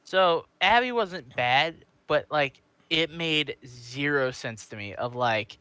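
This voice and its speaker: A man's voice: on the high side, animated, slow pace, hardly any pauses, sharp tone, clean tone, dry recording. A man co-hosting a podcast, chatting casually about a TV show, full of likes and ums. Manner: chatty, filler-heavy with lots of likes and ums. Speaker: podcast co-host.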